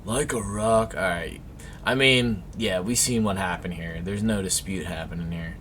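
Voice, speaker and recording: A young man co-hosting a casual motorsport recap, slangy and excitable, swearing and telling stories with animated energy. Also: low voice, moderate pace, slight background noise. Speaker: co-host. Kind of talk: casual recap commentary over race footage.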